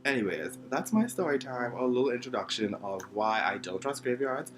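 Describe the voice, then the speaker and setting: A man's voice: mid-range voice, animated, moderate pace, noisy background. A young man from the Bahamas, dramatically telling a funny story from his childhood in a self-mocking way. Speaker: vlogger. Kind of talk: story time monologue.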